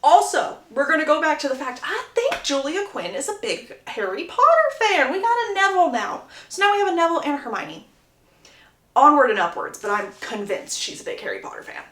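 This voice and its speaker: A woman content creator recapping a book plot in a chatty, animated storytelling manner. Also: high voice, brisk. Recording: roomy echo.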